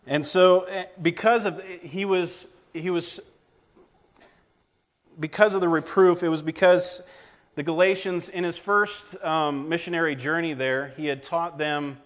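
A man's voice: fairly high pitch, steady tone, unhurried. A man preaching a plainspoken, straight-to-the-point sermon, with frequent fillers and restarts. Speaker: lay preacher.

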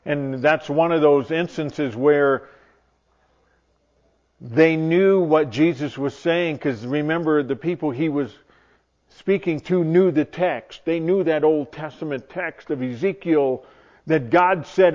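A man teaching from the Bible in a sermon, earnest and searching, often restarting his sentences and dropping to a hush on tender points. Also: on the high side, a little slow. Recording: dull lo-fi recording.

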